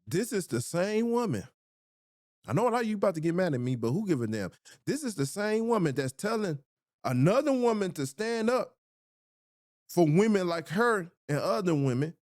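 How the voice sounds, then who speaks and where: A male host delivering blunt, provocative reaction commentary, leaning hard on his points. His pitch swings widely as he presses them, and the sound is dry and close with no room around it. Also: very animated, normal speed, darkish tone, dry recording.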